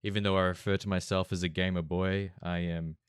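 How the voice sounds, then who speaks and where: A man's voice: deep voice, little pitch movement, a little fast, clear, resonant tone, no room sound, clean studio sound. A man, hosting a casual podcast chat with joking, laid-back banter. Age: late 20s. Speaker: podcast host.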